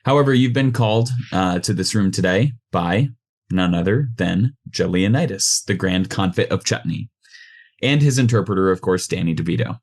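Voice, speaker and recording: Lowish-voiced male game master. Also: moderate pace. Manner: relaxed, loose, with frequent ums. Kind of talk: narrating a tabletop game.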